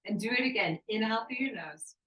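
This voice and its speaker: A woman yoga instructor guiding a breathwork class with calm, encouraging cues and slow counting. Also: a little high, echoey room, distant mic, poor audio. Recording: voice from off the mic.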